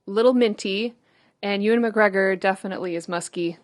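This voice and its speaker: A woman's voice: mid-range voice, fairly quick, dry recording, clean studio sound. A woman hosting a casual film podcast, playful and teasing. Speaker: podcast host.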